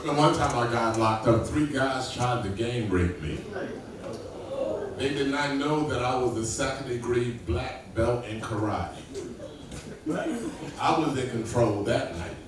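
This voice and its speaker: A man doing a crude stand-up comedy set, telling stories and using loud high-pitched voices for the people he quotes. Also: a little slow, noisy background. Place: club stage before an audience. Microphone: far camera. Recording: echoey room from far off, loud ambience.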